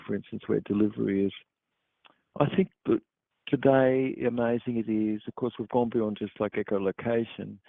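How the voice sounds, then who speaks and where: Male host, lower pitch, meandering talk full of ums, dry lo-fi line. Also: gravelly, no room sound. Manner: rambling, halting, many fillers and restarts. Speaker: podcast host. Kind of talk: meandering explanatory monologue. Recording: dry tinny phone-like sound.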